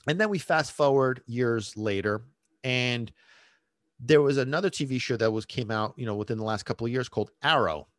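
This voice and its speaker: A man's voice: medium pitch, normal speed, dry recording. A man, a dog trainer, casually telling a rambling personal story with many restarts and fillers.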